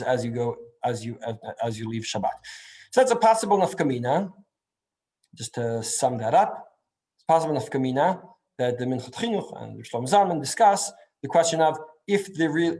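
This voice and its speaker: A man's voice: mid-range voice, a little mellow. A man giving a Torah class, thinking aloud with frequent restarts and asking "right?" to check in with his listeners. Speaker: Torah teacher.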